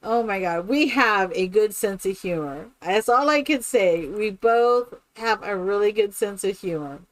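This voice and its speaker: A woman streaming a game who chats casually and tells stories in an animated way. She laughs often and keeps asking "right?". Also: mid-range voice, measured pace. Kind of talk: casual chat while playing a game.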